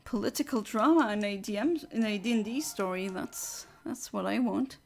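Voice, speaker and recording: A woman's voice: mid-range voice, normal speed, gravelly, slight background noise. A woman chatting casually with her viewers during a game livestream, rambling and answering chat. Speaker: streamer.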